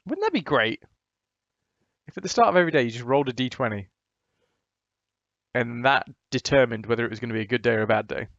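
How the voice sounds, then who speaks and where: A man's voice: medium pitch, fast, gravelly, a bit bright, no room sound, lo-fi sound. A man chatting casually and rambling on his live stream from a hotel room. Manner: chatty, rambling, laid-back.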